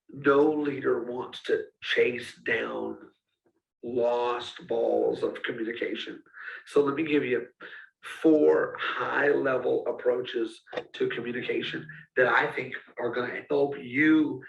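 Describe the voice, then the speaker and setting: A man's voice: medium pitch, vocal fry. A man giving a casual, direct teaching talk to student ministry leaders. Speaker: youth ministry coach. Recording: roomy, speaker far from mic.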